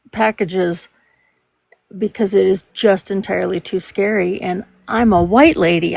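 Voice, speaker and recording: A woman in her fifties with a Minnesota accent, chatting casually on a live stream and filling pauses with um and uh. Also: medium pitch, vocal fry, a little mellow, no echo. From Minnesota, USA. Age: 50s. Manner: conversational, laughs easily, trails off with fillers. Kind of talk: casual chat.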